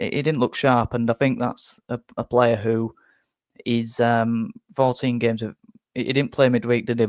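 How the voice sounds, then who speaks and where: Guy, a bit out of breath, flat monotone, dry close mic. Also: mid-range voice, dry recording. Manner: blunt opinionated chat with many restarts. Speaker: fan channel host. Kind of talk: live post-match fan reaction.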